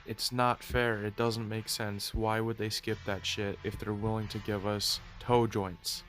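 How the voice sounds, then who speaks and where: A man's voice: lowish voice, little pitch movement, unhurried, hardly any pauses, a bit bright, soft background music. A man with a plugged nose and a nasal voice, chatting casually through a toy review video. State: stuffy nose.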